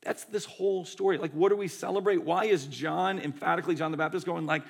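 Gravelly-voiced man preaching conversationally. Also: a little high, quick pace. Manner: conversational, animated preaching with many "like" and "right". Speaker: pastor. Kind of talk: sermon.

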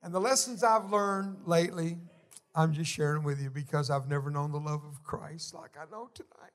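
A middle-aged man preaching a sermon, telling folksy stories with emotion and sudden shouted swells. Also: a little high, fairly even intonation, normal speed. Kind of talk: sermon storytelling.

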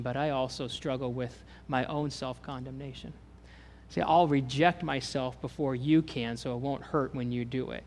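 A pastor preaching a sermon, telling a personal story with earnest restarts and rising up higher and louder when he voices God's words. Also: a little hiss or hum. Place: church sanctuary.

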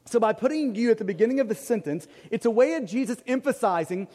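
A man's voice: very high voice, expressive, fast, few pauses, mellow. A pastor preaching a conversational sermon. He jokes at his own expense and drives points home by repeating them. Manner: conversational, self-deprecating, emphatic repetition. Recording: long hall reverb.

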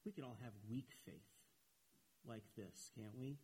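A man preaching a sermon in an earnest way, repeating phrases for emphasis and rising in pitch as he gets animated. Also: measured pace, husky, rough recording.

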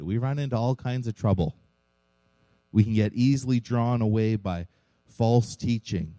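A man's voice: fairly low pitch, a little slow, dark tone, dry recording, poor audio. A man preaching a sermon as pastor of a church, earnest, with rhetorical questions to his congregation.

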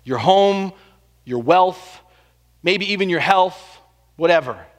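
A man preaching a sermon, pressing rhetorical questions and swinging between hushed, slow lines and loud, emphatic ones. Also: high-pitched, expressive, long reverb tail. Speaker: pastor.

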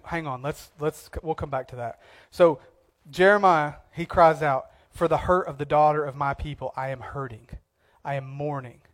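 A man preaching a sermon as pastor, moving between hushed, low passages and emphatic, repeated declarations.

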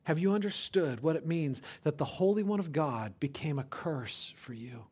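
A man preaching a sermon to his church, addressing the congregation directly as "you guys". He swings from loud, emphatic lines to hushed, almost whispered ones. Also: fairly high pitch, expressive, moderate pace, husky. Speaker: pastor.

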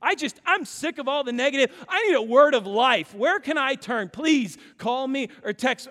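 A man in his thirties preaching a sermon as pastor, telling stories with animated swings from loud to hushed. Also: very high-pitched, moderate pace, few pauses. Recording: long hall reverb.

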